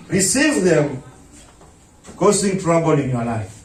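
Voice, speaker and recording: A pastor preaches a sermon in a very high, animated voice that swings up into shouts and mocking impressions. He sounds set back from the microphone, in an echoey church hall. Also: measured pace, a little hiss or hum. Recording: echoey room, mic at a distance.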